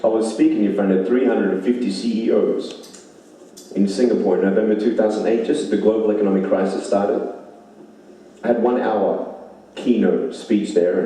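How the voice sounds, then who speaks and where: In a very echoey hall with a distant mic, a man gives an inspirational talk as a motivational speaker. His voice is lowish and mellow, and he stresses points emphatically by repeating lines.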